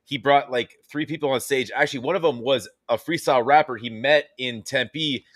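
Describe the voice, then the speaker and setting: A man's voice: mid-range voice, normal speed, a bit bright, no echo, clean studio sound. A man co-hosting a live stream in casual chat, rambling with lots of fillers and swearing. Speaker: co-host.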